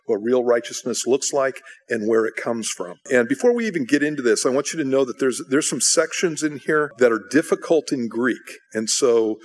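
Middle-aged man, relaxed teaching pastor with a lively storytelling streak. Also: mid-range voice, normal speed, few pauses. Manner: casual, repeats words, lively storytelling. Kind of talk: conversational sermon teaching.

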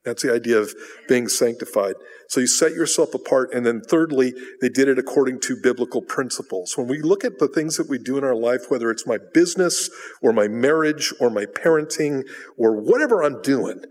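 A man's voice: mid-range voice, a little fast, darkish tone. Emphatic male preacher in a large reverberant hall. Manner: emphatic preaching, asks rhetorical questions and answers them. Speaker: pastor. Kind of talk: sermon.

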